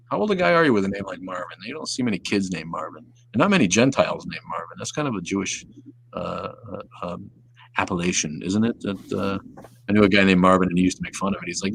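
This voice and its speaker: A man's voice: sits low, expressive, a little fast, vocal fry, slight background noise. A man hosting a casual livestream, reading viewer comments and rambling profanely, often trailing off into mumbles. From Southeast Wisconsin. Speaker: livestream host.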